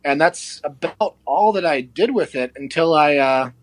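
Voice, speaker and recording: A young man speaks in a slightly high voice, close to a dry microphone. His story runs loose and chatty, and he jumps into the voices of the people he quotes. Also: normal speed, no echo. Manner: animated, acts out quoted people. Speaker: podcast guest. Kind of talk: casual storytelling.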